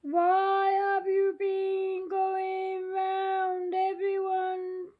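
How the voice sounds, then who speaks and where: A woman voicing a menacing disembodied scary voice that threatens children, in slow, drawn-out sing-song tones. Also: very high voice, monotone, phone-quality sound, exaggerated voice.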